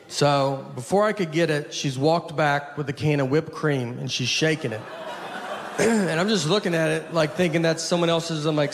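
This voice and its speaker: A man in his forties performing stand-up comedy in a large theater, telling stories in a dry, deadpan way that climbs into exasperated rants. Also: moderate pace, noisy background. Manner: dry, deadpan storytelling that rises into exasperated high-pitched rants. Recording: live theater recording with long hall reverb. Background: audience laughter.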